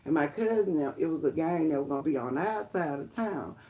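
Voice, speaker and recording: A woman telling her life testimony on a live stream, rambling and emphatic, talking straight to viewers as y'all and breaking into high excited exclamations. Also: a little fast. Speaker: livestream host sharing her testimony.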